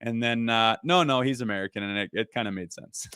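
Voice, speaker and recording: Blunt, bright-voiced sports co-host man. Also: mid-range voice, brisk, clear, resonant tone, no echo, studio quality. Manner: blunt, opinionated, swears freely. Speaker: podcast co-host. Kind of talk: casual sports talk.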